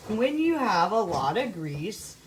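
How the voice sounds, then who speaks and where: A woman's voice: mid-range voice, sing-song, takes it slowly, noisy background. A woman hosting a casual cooking show in her home kitchen, rambling, swearing and laughing as she cooks. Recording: roomy room, mic at a distance.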